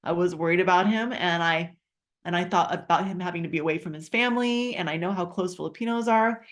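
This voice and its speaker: A middle-aged woman telling a heartfelt personal story and pitching a wellness business in a chatty way, with many fillers and restarts. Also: fast talker.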